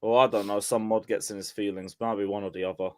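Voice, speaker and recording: A man's voice: on the low side, flat delivery, fast talker, no room sound. A man, co-hosting a casual fan livestream, blunt and full of slang. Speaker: fan channel co-host.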